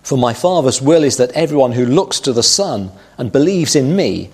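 A middle-aged man preaching a sermon, teaching through scripture in a measured way and quoting verses with emphasis. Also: mid-range voice, lively intonation, husky.

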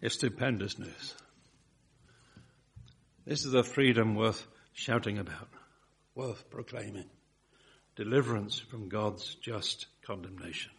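A man preaching a sermon, building phrases up emphatically and dropping to a hush on key words. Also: lowish voice, slow, creaky, long pauses, breathy edge.

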